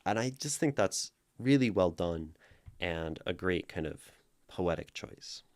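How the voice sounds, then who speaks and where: A deep, unhurried male voice breaking down verse for his viewers. He stops to think mid-sentence and turns points into gentle questions. It sounds like a patient, friendly lesson. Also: expressive. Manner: thoughtful, often checks in with "right?"; thinks aloud with restarts. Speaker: poetry channel host. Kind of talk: explaining poetry to viewers.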